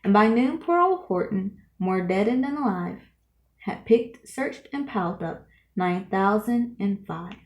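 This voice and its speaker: A woman reading a rhyming children's book aloud in a lively, sing-song way. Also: mid-range voice, measured pace. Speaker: storyteller. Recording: roomy echo.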